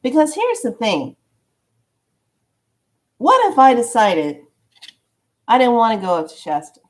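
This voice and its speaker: A woman vlogger telling a spiritual story in a casual, animated way, acting out the dialogue as she goes. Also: fairly high pitch, unhurried.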